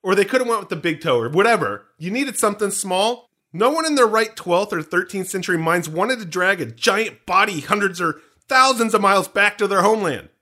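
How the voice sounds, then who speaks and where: A high, bright-voiced man hosts a podcast and rambles his way through jokes. His pitch swings widely as he slips into quick voice bits. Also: expressive. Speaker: podcast host. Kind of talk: comedic podcast banter.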